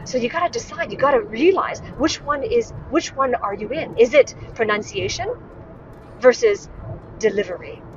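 A woman's voice: on the high side, animated, normal speed. A woman from Hong Kong, a communication coach, giving an emphatic motivational talk that repeats its key phrases. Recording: slightly dull lo-fi sound with clear background noise.

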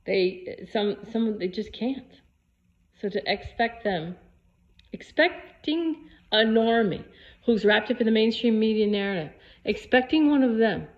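A woman's voice: mid-range voice, lively intonation, moderate pace, muffled recording. A woman vlogger giving a spiritual pep talk to camera, repeating her points emphatically in a preachy way.

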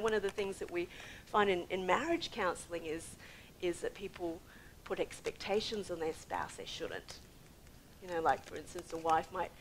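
A woman preaching a sermon in an animated way, laughing often and moving between soft whispers and loud bursts. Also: mid-range voice, slight background noise, low-quality recording.

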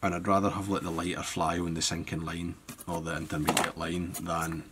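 A man giving a relaxed step-by-step fly-tying tutorial, thinking aloud as he works. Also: low-pitched, fairly quick, heavy background noise.

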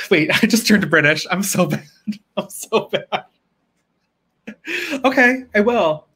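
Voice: medium pitch, lively intonation, slow, pauses often, pushed and bright, breathy edge. A reselling livestream host chatting casually with viewers, bubbly and laughing often, pleading playfully for likes.

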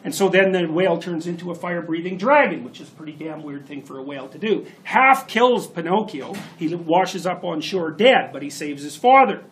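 Animated high-voiced male lecturer. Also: brisk, few pauses. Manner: animated storytelling, rising to emphatic bursts. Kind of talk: university lecture. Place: lecture hall.

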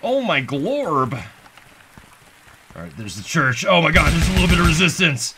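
A man giving comedic let's-play commentary as a gaming video host, goofy and sarcastic, swearing and getting excited as he plays. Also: a little high, fast talker, over music.

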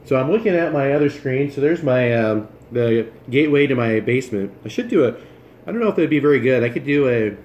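A man's voice: mid-range voice, expressive, fairly quick, a little mellow, echoey room. A man hosting a casual cooking livestream from his home kitchen, chatting and joking as he moves around and eats. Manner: chatty, jokey, talks while moving and chewing.

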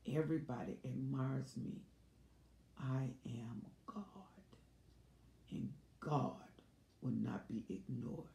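A woman's voice: very deep voice, takes it slowly, gravelly, pauses often, mellow, echoey room, exaggerated voice. A woman voicing a boastful, self-centered narcissist in a grandiose, commanding way.

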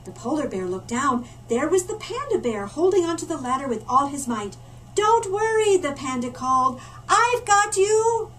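A woman reading a picture book aloud to children, her high voice swooping up and down with drama. She turns to her listeners with little asides, and the mic sits far off with a faint hiss in the room behind. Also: animated, a little fast, hardly any pauses, fairly bright tone. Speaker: librarian storyteller. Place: library.

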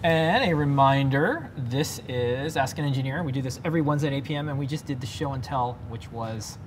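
Male co-host, relaxed live-stream chat, middle pitch, light background hiss. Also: brisk. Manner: laid-back, rattles off announcements. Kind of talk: casual live show chat.

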